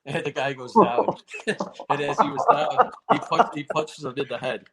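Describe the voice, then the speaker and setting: Crowd noise surrounds this interview guest, a US martial arts federation president recounting a fight in relaxed conversation. He talks at a moderate pace in a slightly high voice, getting animated and raising it to act out quotes.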